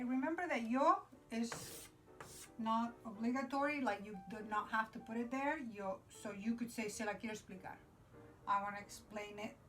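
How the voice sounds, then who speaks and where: A woman teaching Spanish grammar at a whiteboard, explaining patiently in English with Spanish examples and checking in with "okay?" often. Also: fairly high pitch. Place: classroom with a noisy whiteboard.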